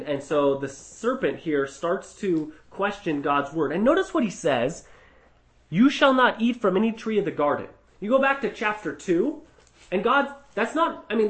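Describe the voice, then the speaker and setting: A man gives a conversational Bible teaching, thinking aloud with asides and restarts. His voice sits high for a man, and the recording carries a roomy echo. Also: sing-song, moderate pace, a bit bright. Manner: conversational, many fillers and restarts, rhetorical asides. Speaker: preacher.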